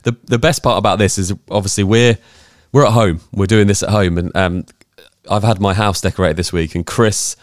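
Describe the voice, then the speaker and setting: Low-voiced man, casual banter. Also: fairly even intonation, normal speed, no echo, studio quality. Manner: jokey, teasing, trails off in restarts. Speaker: podcast co-host. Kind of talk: casual chat. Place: home, room being decorated.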